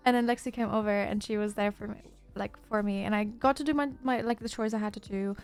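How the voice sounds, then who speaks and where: A woman's voice: mid-range voice, steady tone, fast, clean tone, faint music behind. A woman livestreamer chatting casually, telling a rambling story with lots of fillers and restarts.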